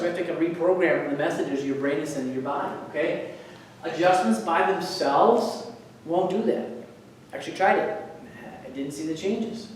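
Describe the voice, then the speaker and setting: Guy giving a health talk, kinda high voice, lots of room echo, a bit far from the mic. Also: slight background noise. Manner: energetic, asks the audience questions. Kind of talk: presentation to an audience.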